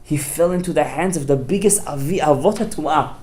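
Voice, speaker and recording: A man delivers a fervent sermon to his class, retelling a story with drama and sudden emphatic bursts. His voice sits slightly high for a man. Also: brisk, a little mellow. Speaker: rabbi teaching a Torah class. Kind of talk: passionate sermon.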